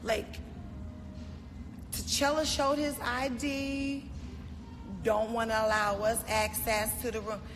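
Ranting on a livestream from a hotel, a celebrity woman from Baltimore, USA, sounds indignant and emotional, repeating herself into her phone. She speaks slowly in a level, somewhat high voice with frequent pauses, in an echoey room with faint noise.

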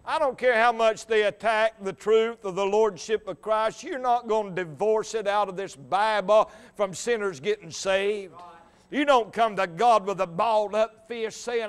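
A high, ringing male voice drives a revival sermon with fervor. He climbs into shouts at his peaks and falls back into a steady storytelling voice. His tone stays smooth and resonant throughout. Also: a little slow. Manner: impassioned, rising to shouts, quotes old scripture. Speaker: evangelist.

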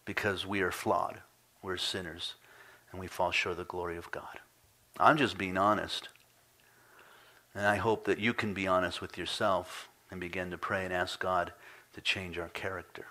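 A man preaching a sermon as pastor, swinging between animated storytelling and soft, hushed asides. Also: normal speed. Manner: animated storytelling, voice climbing high and loud when retelling frustration; drops to a soft, near-whispered hush on solemn points.

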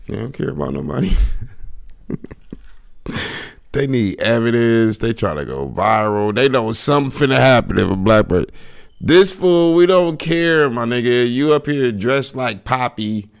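A man streaming a reaction to a video, talking in an animated, slangy way and laughing often. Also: mid-range voice, normal speed, gravelly. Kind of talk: reaction commentary.

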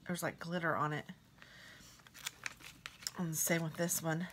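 A woman vlogger casually showing off craft mail she received, gushing softly and sometimes dropping to a whisper. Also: deep voice, fairly even intonation, takes it slowly, background noise. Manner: gushing, soft-spoken, drifts into whispers. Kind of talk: casual show-and-tell unboxing.

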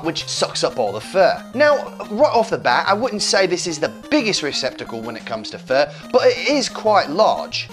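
A man hosts a casual home vlog about his dog, reviewing a product in a joking, playful way. His pitch leaps around with lively swings as he talks. Soft music plays faintly underneath. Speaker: dog channel host.

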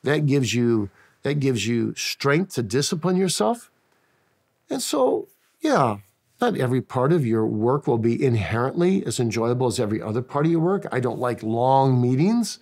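A man's voice: medium pitch, sing-song, moderate pace, darkish tone. A man who is a pastor and interview guest, answering in an earnest preaching style with stories and frequent restarts.

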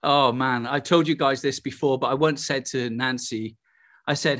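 A man's voice: medium pitch, fairly even intonation, normal speed, fairly bright tone. Exuberant Welsh preacher man. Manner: exuberant, breaks into laughter and exclamations. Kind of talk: charismatic sermon.

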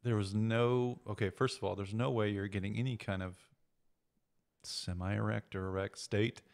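A man's voice: lowish voice, fairly even intonation, normal speed, gravelly. A man speaking candidly and matter-of-factly in a casual podcast chat.

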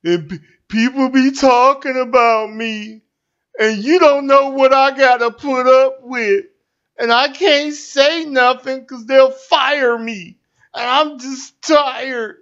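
A man's voice: very high voice, fairly even intonation, takes it slowly, fairly bright tone, highs cut off, pitched above the performer's own voice, full character voice. A man impersonating a tearful, self-pitying man who pleads and apologizes, in a satirical rant. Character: tearful whining man, sorry for himself.

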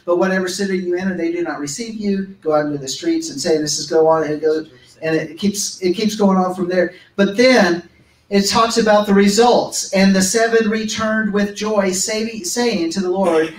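A man's voice: high-pitched, normal speed. A man preaching a sermon at a church service, reading scripture aloud and breaking in with emphatic asides. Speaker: pastor. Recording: echoey room, voice from a distance.

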